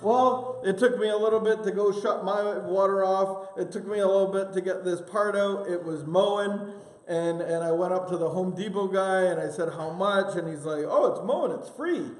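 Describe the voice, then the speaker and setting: A man's voice: sits high, fairly even intonation, normal speed. Rambling man teaching in an echoey hall. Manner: rambling, self-deprecating, many fillers. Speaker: church small-group leader. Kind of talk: casual teaching talk with personal stories. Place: church meeting room. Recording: echoey hall with long reverb.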